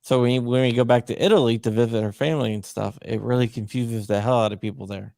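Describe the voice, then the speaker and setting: A man with a gravelly, fry-edged voice hosts a casual talk show. He tells stories in an easygoing way, recorded dry and close with no room sound. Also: mid-range voice, steady tone, fast talker, warm tone, no echo. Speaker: host. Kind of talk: casual chat.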